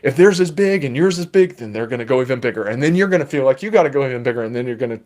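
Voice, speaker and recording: A man who works as a children's therapist, giving calm, explanatory and gently playful parenting advice in a live Q&A. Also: mid-range voice, rapid-fire.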